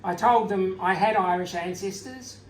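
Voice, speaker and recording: An Australian-raised man, an author, giving a wry, gently humorous speech full of anecdotes at a book launch. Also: high-pitched, normal speed. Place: event venue, indoors. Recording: echoey room from far off, faint noise.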